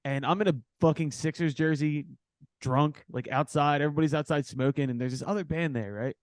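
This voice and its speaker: A man's voice: a little high, a little fast, no echo. A man from Philadelphia hosting a casual interview, talking loosely with lots of fillers and swearing. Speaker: podcast host. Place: backstage studio.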